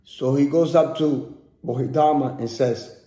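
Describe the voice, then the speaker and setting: A man's voice: medium pitch, measured pace, dark tone. Man telling a story, echoey room. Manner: repeats and restarts words while telling. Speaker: podcast host. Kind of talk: storytelling narration.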